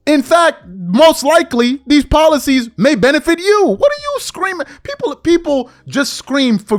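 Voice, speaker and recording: A man hosting a podcast, delivering an exasperated opinion rant full of repeated rhetorical questions. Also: extremely high pitch. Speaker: podcast host.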